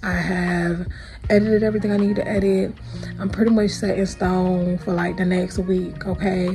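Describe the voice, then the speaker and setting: A woman's voice: fairly low pitch, flat delivery, normal speed, dark tone, faint music behind, poor audio. A young woman talking casually to her viewers in a vlog. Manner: chatty, talks straight to viewers as y'all and baby. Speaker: vlogger and content creator. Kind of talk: casual vlog chat to camera.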